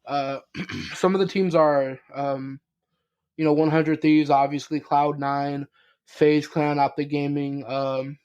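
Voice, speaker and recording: A man's voice: a little high, flat delivery, slow, a little mellow, smooth. A young man co-hosting a podcast in casual chat, rambling with lots of fillers, restarts and casual swearing. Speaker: podcast co-host.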